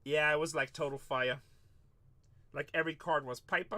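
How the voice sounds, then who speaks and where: Man, card break host, hyped live-stream chatter, high voice, very bright tone. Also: steady tone, moderate pace. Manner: hyped, calls out pulls and chats with viewers.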